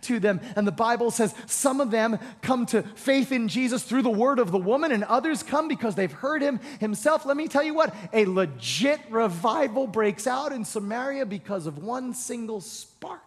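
A male pastor preaching a sermon, retelling a story in a conversational, animated way. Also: extremely high pitch, normal speed, few pauses, big-room sound.

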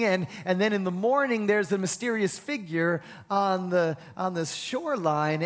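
A man preaching a sermon, animated, repeating key phrases and leading his congregation in call-and-response. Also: high voice, normal speed, few pauses, faint music behind.

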